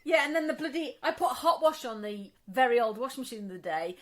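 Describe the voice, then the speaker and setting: A woman chats on a podcast, swearing freely as she tells her stories. Her voice sits fairly high and swings widely in pitch. There is a faint hiss under the recording. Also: quick pace. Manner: sweary, animated storytelling. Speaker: podcast co-host. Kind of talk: casual chat.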